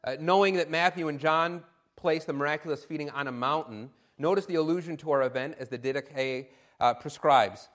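A man preaching a sermon in an animated, emphatic way, with occasional fillers. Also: fairly high pitch, fairly quick.

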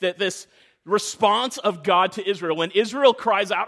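A male pastor with a high-pitched voice delivers a sermon full of personal storytelling. His delivery is animated, dropping to a hush and then rising loud, and he often stumbles and repeats words as he goes. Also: moderate pace. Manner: animated, swings from hushed to loud.

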